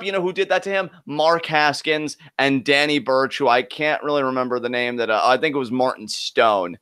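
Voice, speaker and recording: A man's voice: fairly high pitch, fairly even intonation, moderate pace, hardly any pauses, bright, forceful tone, clear, resonant tone, dry recording, studio quality. A man co-hosting a live wrestling reaction, ranting with heated, profane fan commentary. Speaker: co-host of wrestling reaction show.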